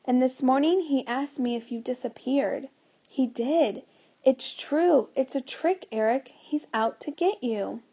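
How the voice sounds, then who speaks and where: A woman voicing an excitable, frightened schoolboy who talks in an urgent, pleading way in a storybook reading. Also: sits high, a little slow, slightly rough, full character voice.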